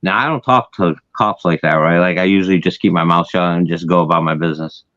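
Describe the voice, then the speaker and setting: A man's voice: sits low, quick pace, no echo, dull audio. A man telling a long personal story in casual, profane chat, acting out the voices of others, with an occasional stutter. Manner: profane, animated, acts out dialogue, occasional stutter. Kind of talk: casual storytelling on a live stream.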